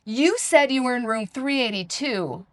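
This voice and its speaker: A woman's voice: fairly high pitch, lively intonation, a little slow, no echo, pitched above the performer's own voice. A woman voicing a curt, hostile young spa receptionist who speaks harshly while reading her story aloud. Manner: harsh, aggressive.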